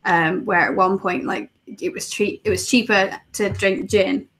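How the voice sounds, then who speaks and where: A woman's voice: mid-range voice, steady tone, a little slow, a bit bright. Giggly English woman guest. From England, near Birmingham. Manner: giggly, easygoing. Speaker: podcast guest. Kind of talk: casual chat.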